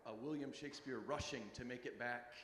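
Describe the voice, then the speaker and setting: A man asking a long, reflective question at a public talk, speaking in a measured way. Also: mid-range voice, a bit bright. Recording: echoey hall, faint noise.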